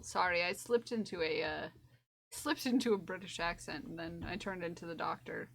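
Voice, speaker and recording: A woman's voice: fairly low pitch, moderate pace, creaky, fairly bright tone. A woman streamer chatting casually while crocheting, repeating her own phrases to herself as she works.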